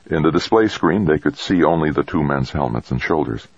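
A man narrating an audiobook in an even, measured storytelling manner. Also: very deep voice, slightly rough, no room sound, muffled recording. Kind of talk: scripted narration.

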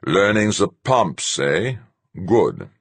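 A stern, humorless ship captain who expects orders obeyed at once, played by a male narrator. He speaks slowly and forcefully, with a raspy, husky grain. The sound is close and dry, like a read-aloud story. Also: deep voice, very animated, dry recording, pitched above the performer's own voice, exaggerated voice.

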